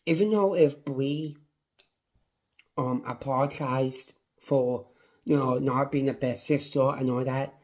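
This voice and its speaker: A man's voice: medium pitch, fairly even intonation, slow. A man reviewing a wrestling show on his own, in a passionate, repetitive rant. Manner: impassioned, ranting, repetitive. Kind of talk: casual solo review.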